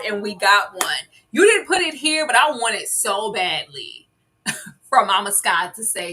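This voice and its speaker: A woman on a live recap panel, very expressive and swinging between loud and soft, speaking. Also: mid-range voice, a little fast. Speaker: co-host panelist. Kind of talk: live show recap discussion.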